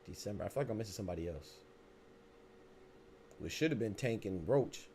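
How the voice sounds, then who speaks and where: Laid-back, low-voiced joking boxing host. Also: male voice, animated, a little fast, darkish tone, slight background noise. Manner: loose, joking, profane, swings from laughing to mock anger. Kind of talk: live-stream chat, reading chat comments.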